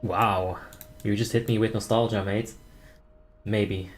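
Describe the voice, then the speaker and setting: Young male streamer, lowish voice, easygoing and joky, from the Netherlands, faint game music behind. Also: fairly even intonation, slow pace. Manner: laid-back, joking, reads chat aloud and laughs often. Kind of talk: casual live-stream chat and raid calling.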